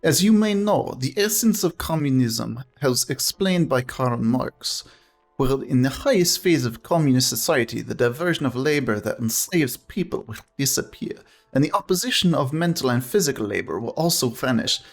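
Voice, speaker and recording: Casting: a man doing a pompous Russian-accented dictator, gravelly and husky, lecturing. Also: medium pitch, expressive, normal speed. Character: stern male Soviet dictator lecturing on communism. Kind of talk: reading game dialogue aloud.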